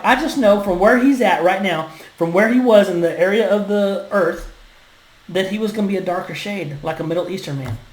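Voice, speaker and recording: A vlogger with a drawl rants to camera, fired up and emphatic, swinging from loud outbursts to hushed asides. The voice sits at a middling pitch. It bounces around an echoey room. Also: slight background noise. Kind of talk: impassioned opinion rant.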